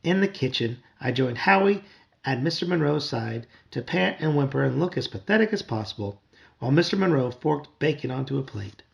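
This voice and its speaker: A man reading a children's novel aloud to his child at home, with wry, expressive storytelling. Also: medium pitch, fairly quick, vocal fry, highs cut off.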